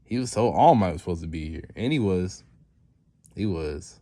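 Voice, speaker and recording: A man with a low, deep voice talks through a story recap in a loose, rambling way. His speech is slangy and laid-back, and he keeps circling back with fillers and restarts. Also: lively intonation, moderate pace, warm tone. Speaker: channel host recapping a fan story.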